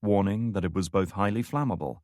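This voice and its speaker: A man reads a thriller audiobook in a steady, measured way. His voice is low and recorded close on a dry studio mic with no room echo. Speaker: audiobook narrator. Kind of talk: scripted thriller narration.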